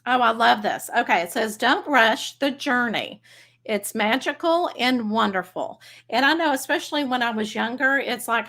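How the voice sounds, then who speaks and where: A bubbly woman with a Texas accent chats casually to her livestream audience. Her voice sits a little high. She talks in a friendly, rambling way and laughs easily. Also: sharp tone. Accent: Texan. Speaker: psychic medium livestream host.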